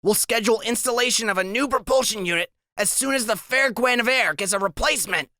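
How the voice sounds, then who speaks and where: Tiny know-it-all boy, much higher than the narrator, lofty mock-formal phrasing, bright ringing tone, storybook audiobook. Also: fast talker, no echo, clean studio sound, full character voice. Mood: lofty, show-off. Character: tiny brainy boy who talks like a dictionary. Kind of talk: audiobook character voice.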